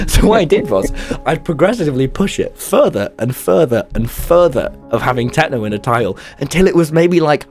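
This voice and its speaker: A young man tells a story in a rambling, casual way, peppered with swearing. His pitch swings widely as he talks. Faint music plays underneath. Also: a little mellow. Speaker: guest telling stories. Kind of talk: casual chat.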